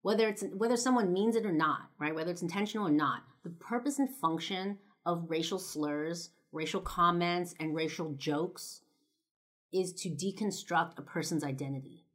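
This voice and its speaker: Speaking directly to camera at a moderate pace, a young vlogger from Los Angeles, United States uses a low, deep-set voice. She tells her story in a loose, conversational way, dropping plenty of "like" and "you know" and swearing bluntly.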